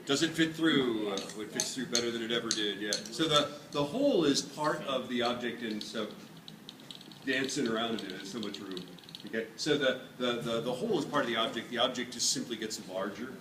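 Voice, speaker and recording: A man teaching physics to a class, running a hands-on demonstration in a lively, joking way. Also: mid-range voice, brisk, crowd noise. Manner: playful, jokey, energetic demonstrator. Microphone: camera at a distance. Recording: echoey classroom from far off, noisy.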